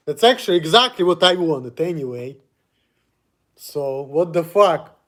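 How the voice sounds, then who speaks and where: A man's voice: fairly high pitch, expressive, unhurried, fairly bright tone. A man ranting in a casual home vlog, blunt and defiant, swearing freely and laughing at himself.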